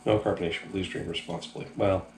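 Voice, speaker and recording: Low-voiced tipsy man in echoey room. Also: fairly even intonation, fast. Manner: loose, profane, rambling with many fillers. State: a little tipsy. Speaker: drinks reviewer. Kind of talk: casual review vlog.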